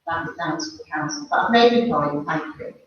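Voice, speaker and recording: Insistent higher-voiced man in an echoey room. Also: animated, a little fast. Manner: insistent, interrupting, repeats himself. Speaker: member of the public at a council meeting. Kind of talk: public comment and debate at a meeting. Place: council meeting room. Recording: echoey room, far from the mic, dull sound, faint noise.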